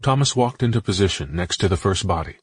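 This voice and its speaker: A man narrating an audiobook in a measured, solemn storytelling voice. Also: low voice, lively intonation, slightly rough, dry recording.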